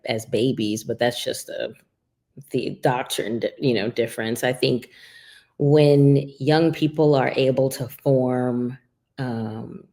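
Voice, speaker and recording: A woman's voice: very deep voice, darkish tone. A woman who is an author and minister, speaking as a guest in a reflective interview and working through her ideas with frequent fillers. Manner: thoughtful, talks through ideas with many fillers.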